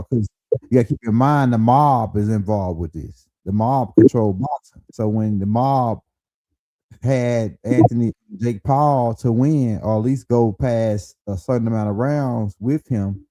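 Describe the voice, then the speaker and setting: A man's voice: fairly low pitch, normal speed, mellow, dry recording, rough recording. A man hosting a casual live stream, talking in a loose, rambling way as he lays out his theories.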